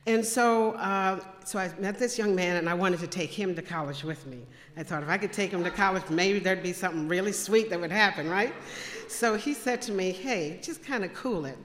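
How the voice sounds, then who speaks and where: A woman speaking to a congregation, telling personal faith stories and acting out the dialogue with big jumps in voice. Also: moderate pace. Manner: animated, acts out quoted dialogue with big pitch jumps. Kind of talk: testimony storytelling to a congregation. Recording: echoey hall with long reverb.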